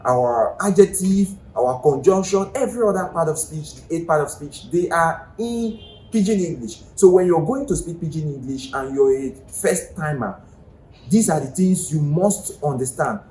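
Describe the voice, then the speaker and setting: A man's voice: on the high side, lively intonation, moderate pace, dark tone. A man with a Nigerian accent, teaching a language lesson in a chatty, explanatory way and asking the viewer questions. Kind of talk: casual video lesson. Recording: echoey room with faint ambient noise.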